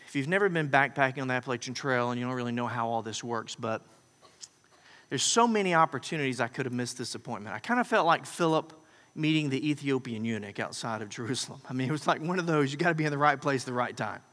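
A man preaching a sermon as pastor, swinging between emphatic loud declarations and quiet, close asides. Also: mid-range voice, expressive, quick pace. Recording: preacher in a large reverberant hall.

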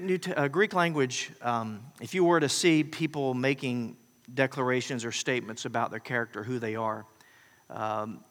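Bright-voiced preacher man in a reverberant hall. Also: mid-range voice. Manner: swings between emphatic loud declarations and quiet intimate asides. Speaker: pastor. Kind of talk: sermon.

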